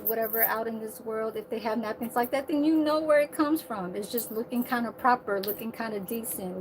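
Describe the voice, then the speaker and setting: A woman's voice: a little high, noisy background. Rambling, profane woman vlogger. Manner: rambling, profane, laughing asides. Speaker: server at a senior living community. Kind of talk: casual monologue.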